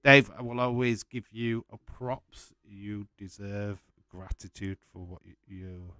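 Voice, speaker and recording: A man's voice: on the low side, little pitch movement, a little slow, hardly any pauses, pushed and bright, clean tone, no echo. A man hosting a casual live watch-along stream, chatting loosely with frequent swearing and rambling restarts. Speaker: livestream host.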